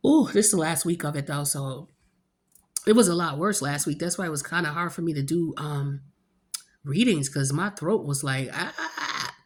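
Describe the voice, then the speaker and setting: A woman's voice: low-pitched, normal speed. A woman giving a casual tarot reading to camera at home, chatty and blunt, talking in loose slang and cursing freely. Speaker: tarot card reader.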